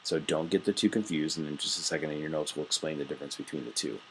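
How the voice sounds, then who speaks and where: A man's voice: extremely low pitch, fast talker, a bit bright, a little hiss or hum. A male teacher giving a recorded lecture, explaining with everyday examples in a conversational way with frequent fillers. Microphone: computer mic while scrolling through notes.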